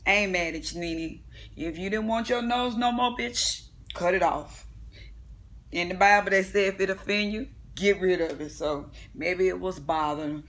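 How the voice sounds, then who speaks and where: A woman's voice: lowish voice, moderate pace, a bit bright. Brash, laughing woman recapping reality TV. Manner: brash, profane, laughing, acts out quotes. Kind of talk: casual comedic recap.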